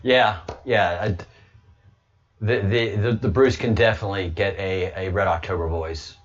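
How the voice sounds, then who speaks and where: A man's voice: low voice, fairly even intonation, moderate pace. A man chatting casually as a guest, rambling and joking with many restarts, and sometimes boastful and provocative. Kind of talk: casual chat. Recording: dull lo-fi audio.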